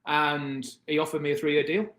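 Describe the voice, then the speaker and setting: A man in his thirties with a British accent, a podcast guest telling his story in a lively, casual way and acting out the other people's lines. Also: a little high, moderate pace. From Britain. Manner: animated, acts out the voices of people in his stories. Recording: echoey room.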